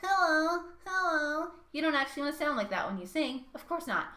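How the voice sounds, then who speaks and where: Bright, lively woman vocal coach. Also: sits high, fast, echoey room. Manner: lively, demonstrates sounds with her voice. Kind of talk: singing lesson to camera.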